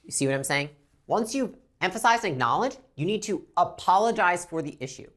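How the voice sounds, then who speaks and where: A woman's voice: lowish voice, fairly quick. A woman teaching a business lesson, talking bluntly and now and then acting out lines from customers and staff. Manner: animated, acts out customer and rep lines; blunt, swears casually. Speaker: business instructor.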